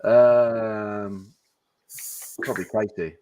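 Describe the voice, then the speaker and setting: A man's voice: fairly low pitch, fairly even intonation, very slow, warm tone, highs cut off. A British man hosting a casual stream, chatting and teasing friends over drinks. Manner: teasing, laughs a lot.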